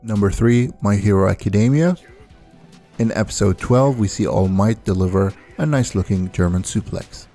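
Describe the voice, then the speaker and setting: A man giving a scripted video-essay narration as the host, counting down a list in a steady delivery over faint background music. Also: on the low side, normal speed. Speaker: anime and wrestling video host.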